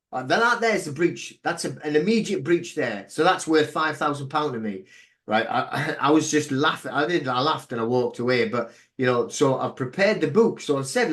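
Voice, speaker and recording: A man, a podcast guest telling stories in an emphatic, indignant way. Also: a little high. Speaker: interview guest. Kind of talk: casual podcast interview.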